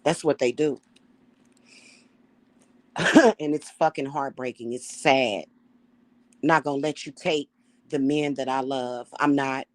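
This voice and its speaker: A middle-aged woman, a self-styled high priestess, ranting to her viewers in a casual, emphatic and profane way. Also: steady tone, takes it slowly, pauses often, no echo. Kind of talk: casual spiritual rant to camera.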